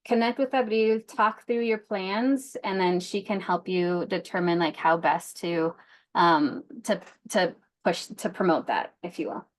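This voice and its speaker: A woman's voice: on the low side, measured pace. Casual woman presenting a grant session. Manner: casual, many "like" and "um" fillers. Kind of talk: informational session, conversational.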